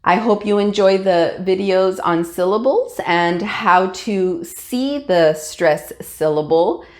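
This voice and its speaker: A woman's voice: medium pitch, slow, a little mellow. A woman teacher giving a recorded lesson to young students, explaining patiently with fillers and frequent check-ins.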